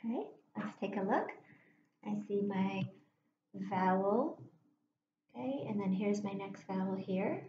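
A woman teacher giving a phonics lesson to young children, speaking slowly and clearly with encouragement. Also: mid-range voice. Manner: slow, clear, encouraging classroom delivery. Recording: roomy, dull lo-fi classroom recording with faint noise.

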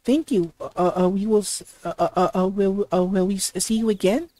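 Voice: medium pitch, brisk, dark tone, no room sound, lightly acted. A reader voicing an earnest young male defense attorney in a game, stammering through lines.

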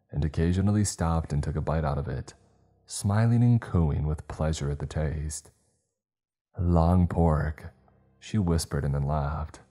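A man narrating a horror story in a slow, measured storytelling voice. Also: very deep voice, warm tone. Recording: faint background music.

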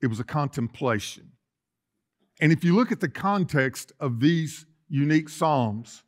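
A middle-aged man preaching a sermon in a church, folksy and joking, building to loud emphatic passages. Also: on the high side, expressive, measured pace. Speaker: pastor. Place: church sanctuary.

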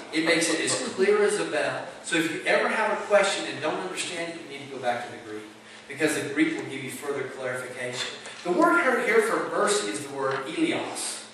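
A man's voice: a little high, a bit bright, a little hiss or hum. A man preaching a sermon in an emphatic, conversational way, asking rhetorical questions. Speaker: pastor. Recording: echoey hall, mic at a distance.

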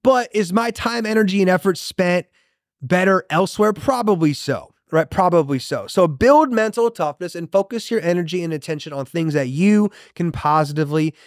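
A man's voice: high-pitched, normal speed, no echo, studio quality. A man in his thirties hosting a motivational show, preaching with punchy emphasis and repeated catchphrases. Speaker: motivational podcast host. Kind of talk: motivational monologue.

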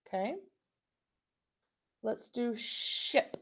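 A woman teaching a phonics lesson to young children, sounding out syllables and letters slowly and encouragingly. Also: fairly high pitch, expressive, a little mellow.

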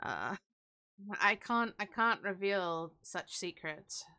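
A woman's voice: medium pitch, animated, slow pace, bright, forceful tone, clean tone. A young woman co-hosting a live stream in casual chat, giggly and teasing. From Great Britain. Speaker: stream co-host.

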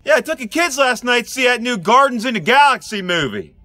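A middle-aged man with a Pittsburgh accent, doing a rambling, gruff comic monologue aimed at his neighbors. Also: very high-pitched, sing-song, a little fast, bright, forceful tone, no echo, clean studio sound. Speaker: comedic sitcom dad character.

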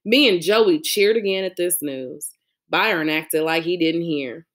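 A woman reading a novel aloud as a lively first-person storyteller. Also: lowish voice, measured pace. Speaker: audiobook reader. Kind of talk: audiobook narration.

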